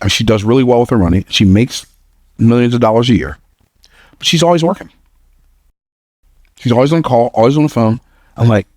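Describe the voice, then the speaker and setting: Energetic storytelling and jokes fill this man's motivational talk before a live audience, where he repeats phrases to make his point and adopts a squeaky high voice when quoting. He speaks plainly, and the sound is clean studio quality without echo.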